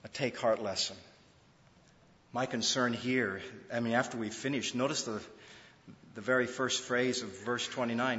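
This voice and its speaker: A man's voice: mid-range voice, moderate pace, sharp tone. A man preaching a sermon, stressing his points with rising, repeated phrases. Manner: preaching with rising emphatic repetition. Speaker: pastor. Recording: muffled sound with long hall reverb.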